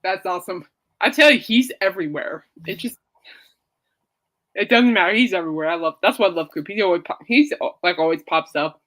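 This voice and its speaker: A woman hosts a casual podcast, chatting in a rambling way and laughing often. Her voice is on the low side, fairly bright, and a little fast.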